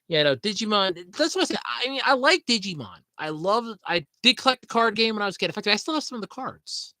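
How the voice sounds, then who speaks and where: A man's voice: high voice, big pitch swings, fast talker, bright, forceful tone, no room sound. A man hosting a podcast in casual, rambling chat, swearing freely and laughing at his own jokes. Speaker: podcast host.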